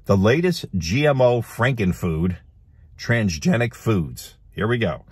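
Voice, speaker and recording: A middle-aged man hosting a casual commentary show, reading headlines aloud and adding animated, laughing remarks. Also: fairly low pitch, a little slow, slightly rough, no echo. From United States. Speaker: host.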